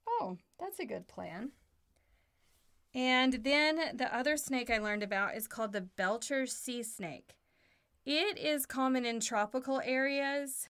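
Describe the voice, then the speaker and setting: A woman's voice: high voice, lively intonation, a little slow, a bit bright, clear, resonant tone. A woman co-hosting a home podcast with her child, chatting casually and asking simple questions to draw him out. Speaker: podcast co-host and mother. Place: playroom at home.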